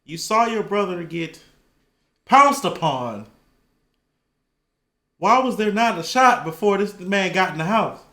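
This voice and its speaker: A man co-hosting a casual reaction video, loud and animated, often laughing and shouting. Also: sits high, a little slow, long pauses, echoey room. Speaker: reaction channel co-host.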